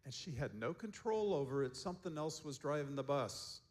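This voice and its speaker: A man giving a seminar talk as a counselor, telling stories in a relaxed way and chuckling often. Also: mid-range voice, a little fast. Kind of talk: storytelling talk to a seminar group.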